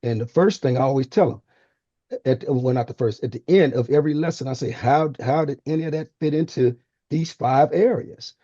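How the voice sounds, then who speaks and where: A man on a radio panel calmly explaining how he teaches fatherhood classes. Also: medium pitch, a little fast, no echo, highs cut off. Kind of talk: casual radio panel talk.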